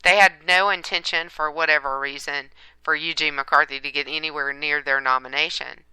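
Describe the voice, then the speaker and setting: Low-voiced woman with a crisp bright tone. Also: steady tone, normal speed, dry recording, low-quality recording. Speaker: talk show host. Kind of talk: political talk show discussion.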